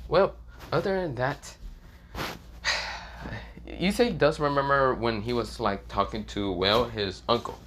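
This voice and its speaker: A man's voice: medium pitch, slow pace, long pauses. A young man improvising a fan story aloud, with an ordinary mid-range voice. He rambles, corrects himself and swears casually. A faint hiss sits behind him. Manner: rambling, many fillers and self-corrections, swears. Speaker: fan fiction narrator.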